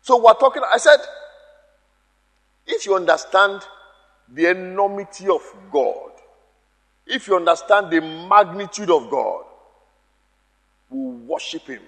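A man's voice: high-pitched, lively intonation, a little slow, pauses often, fairly bright tone, long reverb tail. A man preaching a sermon, emphatic, repeating key phrases and calling out to the congregation.

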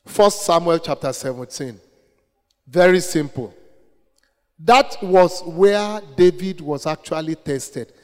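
Nigerian preacher with a higher voice. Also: male voice, slow pace, darkish tone, long reverb tail, rough recording. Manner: asks the congregation questions, then answers them. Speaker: preacher leading a Bible study. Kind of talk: interactive sermon.

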